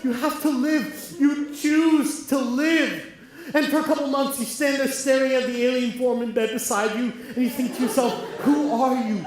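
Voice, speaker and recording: An actor playing a lonely musical-theatre fan who talks confidingly and rambles wryly in a stage musical. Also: male voice, very high-pitched, steady tone, moderate pace. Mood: rambling. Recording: echoey hall, faint noise.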